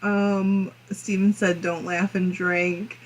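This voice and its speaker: Laughy lady host chatting thru viewer comments on a craft stream, slow easy pace, mid pitch. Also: flat delivery. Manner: giggly, often laughing and coughing between comments. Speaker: fiber arts channel host. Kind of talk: casual livestream chat, reading viewer comments aloud.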